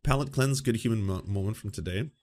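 A man's voice: on the low side, fast, darkish tone. A man hosting a political commentary show, talking in a sarcastic, mocking way and swearing freely.

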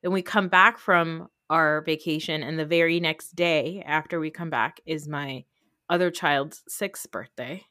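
A woman's voice: sits low, steady tone, a little slow, pushed and bright, dry recording, clean studio sound. A woman in her thirties with a New Jersey accent, hosting a podcast in casual, rambling chat full of fillers. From United States. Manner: rambling, chatty, many fillers. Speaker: podcast host.

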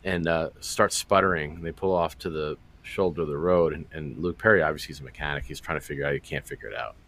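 A man co-hosting a movie podcast, trading crude jokes in a deadpan, casual way. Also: extremely low pitch, fast. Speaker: podcast co-host.

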